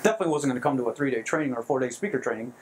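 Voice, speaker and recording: A man leading a motivational seminar in front of a live audience, excitable and quick to laugh at his own jokes. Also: medium pitch, a little hiss or hum, rough recording. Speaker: seminar trainer.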